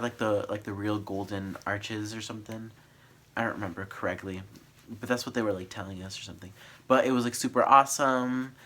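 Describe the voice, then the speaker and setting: A man's voice: lowish voice, a bit bright. A young man casually telling a travel story on his vlog, rambling with lots of filler words. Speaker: vlogger.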